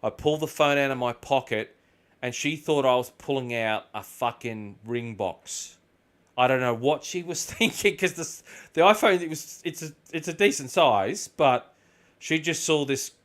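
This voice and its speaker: Aussie guy, middle pitch, loose rambling banter with a lot of cursing, gaming chat host. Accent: Australian. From Australia. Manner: rambling, swears freely, tells animated anecdotes. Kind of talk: casual chat while gaming.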